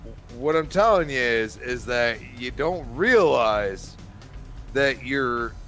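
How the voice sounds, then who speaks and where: A man on a casual gaming podcast tells long family stories in a rambling, animated way, restarting his sentences often. His voice sits at a middle pitch, and faint music plays under him. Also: slow pace. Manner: rambling animated storyteller, many restarts and laughs. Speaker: podcast co-host. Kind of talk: casual chat.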